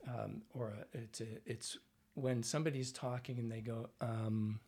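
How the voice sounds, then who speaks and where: A Canadian man, a dialect coach, telling animated anecdotes in a relaxed interview and acting out other people's voices. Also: medium pitch, moderate pace, slightly rough. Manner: animated anecdotes, acts out voices, frequent fillers. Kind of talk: conversational interview storytelling.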